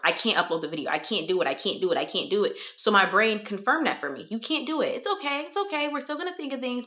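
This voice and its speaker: Woman, motivational vlogger, young adult, animated, bright, lowish voice. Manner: animated, acts out quoted voices. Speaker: lifestyle vlogger. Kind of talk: motivational talk to camera.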